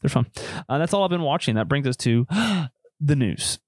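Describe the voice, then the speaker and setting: A man's voice: mid-range voice, lively intonation, moderate pace, a little mellow, dry recording, clean studio sound. A man chatting on a podcast, telling rambling jokey stories. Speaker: podcast co-host. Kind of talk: casual chat.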